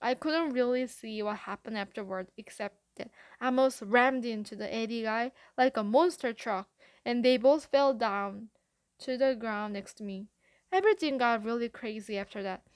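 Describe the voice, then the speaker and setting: A woman narrates a first-person storybook in a lively, breathless way. Her voice sits a little high for a woman. She reads like an audiobook narrator. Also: normal speed, dry recording. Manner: lively, breathless retelling of a chase.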